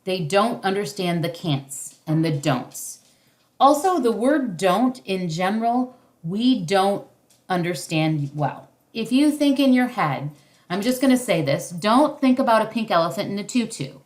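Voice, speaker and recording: A woman's voice: mid-range voice, sing-song, unhurried, darkish tone. Woman presenter on a video call. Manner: conversational, acts out parent and child lines. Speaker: parenting workshop presenter. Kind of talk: casual instructional talk.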